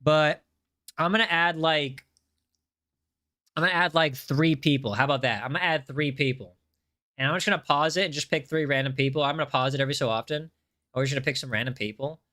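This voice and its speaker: Male game streamer, casual, talks to chat, bright forward tone, on a desk mic. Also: a little high, fast talker. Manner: chatty, reads chat aloud, repeats himself. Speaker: game livestreamer.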